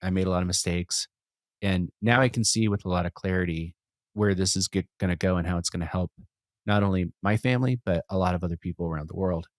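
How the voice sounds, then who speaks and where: Low-voiced reflective man, dry mic. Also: fast talker, no room sound. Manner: reflective, rambling with restarts and laughs. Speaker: podcast guest, musician and entrepreneur. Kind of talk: casual conversation.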